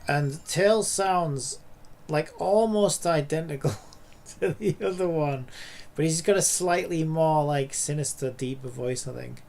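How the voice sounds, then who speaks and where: This gamer speaks at a fairly high pitch, unhurried, with vocal fry and a darkish tone. He offers casual commentary as he plays, wandering off topic and filling gaps with "like" and "you know."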